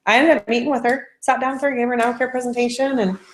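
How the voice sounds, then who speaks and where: A woman giving a casual training talk, acting out her conversations with lively storytelling. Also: fairly high pitch, rapid-fire. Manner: animated storyteller acting out dialogue. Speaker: network marketing trainer. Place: living room. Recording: echoey room.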